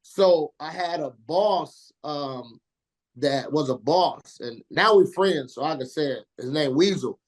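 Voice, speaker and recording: A man in his forties from Indiana, a radio DJ telling stories as an interview guest in slangy, animated speech, acting out the people he quotes. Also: fairly high pitch, a little slow. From Indiana, USA. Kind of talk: casual storytelling interview.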